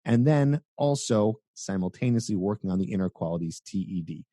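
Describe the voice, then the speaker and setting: A man's voice: fairly quick, no echo, studio quality. A young adult man on a podcast, a dating coach explaining his tips with energy and sometimes acting out examples. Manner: energetic, acts out examples in a high goofy voice.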